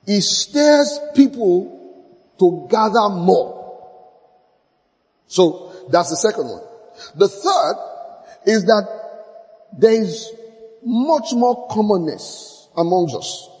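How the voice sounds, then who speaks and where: A man's voice: high voice, darkish tone, long reverb tail, rough recording. A man preaching a sermon with emphasis, repeating key phrases and acting out short dialogues with church members.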